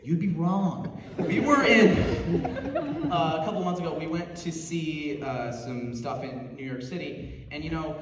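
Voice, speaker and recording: A young man doing stand-up comedy, animated and rambling, laughing through his stories with many fillers. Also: a little high, moderate pace. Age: young adult. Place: theater stage before a live audience. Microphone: audience phone from far off. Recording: echoey hall from far off, audience noise.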